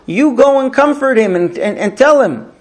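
A man's voice: very high-pitched, expressive, moderate pace, voice pushed up. A man voicing a young man who weeps and pleads urgently with his dead mother. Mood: tearful pleading. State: crying.

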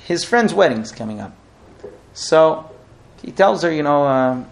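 Gravelly, lively male storyteller. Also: fairly high pitch, unhurried, long pauses, a little hiss or hum. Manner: lively, animated, slipping into characters' voices.

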